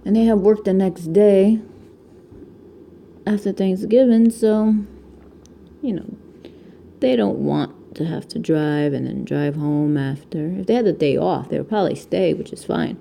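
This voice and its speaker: A rambling, chatty woman in her thirties with a Connecticut accent talks casually into her camera at home. Her voice sits low, dark and gravelly, with a faint background hiss. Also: measured pace, pauses often. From Connecticut, USA. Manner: rambling, chatty, laughs often. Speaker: crafting vlogger. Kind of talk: casual chat while diamond painting. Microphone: camera mic.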